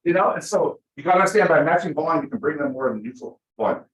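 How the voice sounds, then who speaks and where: A man teaching a live class to real estate agents, chatty and animated, acting out the people he quotes. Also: fairly high pitch, rapid-fire. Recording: echoey room.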